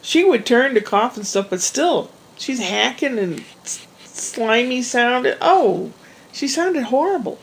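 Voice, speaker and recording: A woman with a gravelly, fry-tinged voice talks straight to camera, telling a winding personal story. She wanders into asides and restarts her sentences in a relaxed, conversational way. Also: fairly high pitch, slow, low-quality recording. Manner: rambling, chatty, with frequent restarts and asides. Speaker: vlogger. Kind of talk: casual storytelling monologue.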